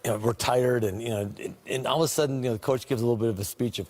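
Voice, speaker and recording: A man's voice: mid-range voice, racing, few pauses, a little mellow. A former pro basketball player tells stories in an interview, his voice mid-range and easy. He chuckles as he goes and leans on "you know" between phrases. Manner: chuckling storyteller, lots of "you know" fillers. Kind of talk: anecdotal interview storytelling.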